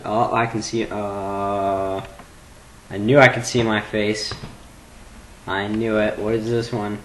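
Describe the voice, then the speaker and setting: A man rambling goofily in a webcam vlog at home at his computer, jumping between low mumbling and sudden squeals. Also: flat delivery, slow pace, a bit bright, a little hiss or hum, rough recording. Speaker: vlogger.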